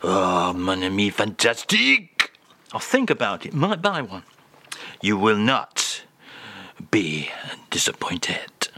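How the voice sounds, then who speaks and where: A man putting on a mock French accent as a suave older French crooner, murmuring low and slow with a breathy edge. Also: huge pitch swings, sharp tone, no echo, exaggerated voice. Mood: coaxing. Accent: put-on French.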